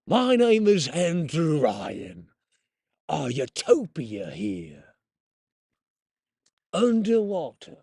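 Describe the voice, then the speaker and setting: Man doing a mock British accent, pompous undersea city founder, slow drawn-out grandeur, dry close sound. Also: on the high side, wildly swooping pitch, creaky, warm tone, breathy edge, no echo, full character voice. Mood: grandiose. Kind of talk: mock impression in a live stream.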